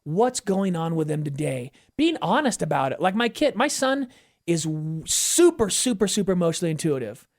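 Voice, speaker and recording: A middle-aged man, a guest on an interview show, talking candidly and with feeling, with emphatic swings in pitch. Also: normal speed. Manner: animated storyteller who acts out quoted voices. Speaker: podcast guest. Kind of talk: conversational interview.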